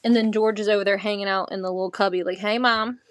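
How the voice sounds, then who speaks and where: A woman hosting a casual live-selling stream, chatty and quick to laugh while she talks about items. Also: medium pitch, level tone, clean tone, no echo. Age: adult, mother of a teen. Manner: giggly, chatty, laughs often.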